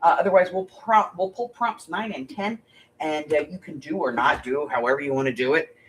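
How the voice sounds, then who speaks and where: A deep-voiced woman talks fairly quickly while hosting a casual craft livestream from her home crafting room, with a little hiss or hum in the audio. Chatty and jokey, she rambles a little and laughs often as she gives out prompts.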